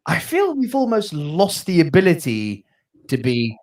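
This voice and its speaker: A man's voice: on the high side, wildly swooping pitch, a little slow, darkish tone. Rambling man co-hosting a movie podcast. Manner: rambling, restarts often, swears casually. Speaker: podcast co-host. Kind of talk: casual chat.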